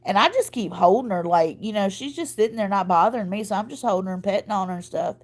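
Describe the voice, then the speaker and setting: A woman's voice: medium pitch, expressive, quick pace, few pauses. Woman, 30s, choked up from crying, rambling folksy chat to viewers. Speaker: vlogger.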